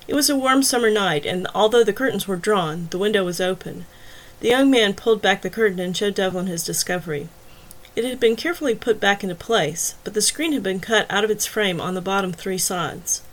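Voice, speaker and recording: Brief: female audiobook narrator, steady scripted storytelling, mid-pitched.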